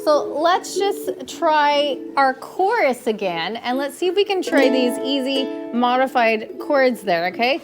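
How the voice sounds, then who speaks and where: A woman with a Canadian accent leads a ukulele class, patient and encouraging, checking in often. Her voice sits high and her pace is slow and careful. Loud ukulele strumming plays behind her. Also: very animated, over music. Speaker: ukulele teacher. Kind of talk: live group music lesson.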